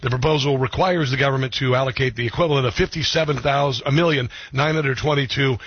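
A man's voice: mid-range voice, fast talker, slightly rough, no room sound, lo-fi sound. A man hosting political talk radio, blunt and opinionated, with frequent ums and restarts.

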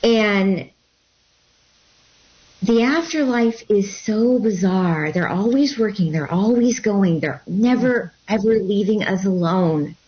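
A woman guest telling a personal story about becoming a healer, in a halting way with many fillers and restarts. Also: medium pitch, highs cut off.

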